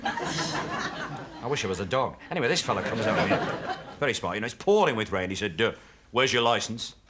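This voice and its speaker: A man's voice: on the low side, sing-song, very noisy. A man in his thirties doing a chatty stand-up routine in a TV studio. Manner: chatty, quick with voices. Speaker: stand-up comedian. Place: TV studio with live audience. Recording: 1970s TV studio with audience.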